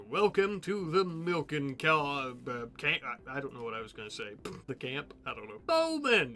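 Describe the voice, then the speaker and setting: A man hosting a let's play, giving casual, joking gameplay commentary and talking to the characters on screen. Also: on the high side. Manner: animated, joking, talks to his characters.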